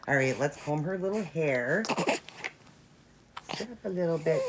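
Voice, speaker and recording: A woman's voice: low-pitched, animated, measured pace, pauses often, noisy background. A woman chatting to her viewers as she grooms and dresses a doll, gushing and chatty. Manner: gushing, chatty, talks to viewers while working. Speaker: reborn doll vlogger. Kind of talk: casual show-and-tell narration.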